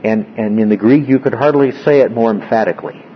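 A man's voice: mid-range voice, fairly quick, muffled recording, slight background noise. A man leading a classroom Bible study, explaining word by word and often checking in with his class. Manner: explanatory, asks frequent check-in questions.

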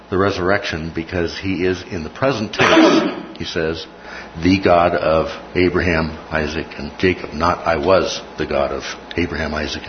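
A man teaching a Bible class in a classroom lecture, often repeating key phrases and checking in with "okay?". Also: low-pitched. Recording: muffled recording with faint noise.

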